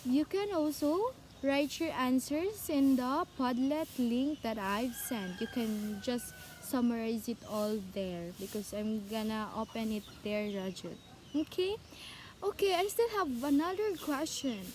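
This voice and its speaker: A woman's voice: on the high side, unhurried, darkish tone, a little hiss or hum. A young adult woman teacher with a Cebuano accent, giving an online class lecture and often repeating herself and quizzing the class. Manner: repetitive, self-correcting, asks the class questions.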